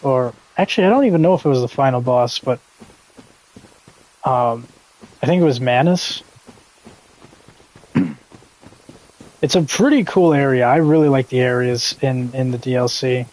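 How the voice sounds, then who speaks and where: A man's voice: medium pitch, normal speed, long pauses, darkish tone, low-quality recording. A young man streaming a game live, chatting in a rambling, laid-back way with casual swearing. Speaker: gaming streamer. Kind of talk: casual live gameplay commentary.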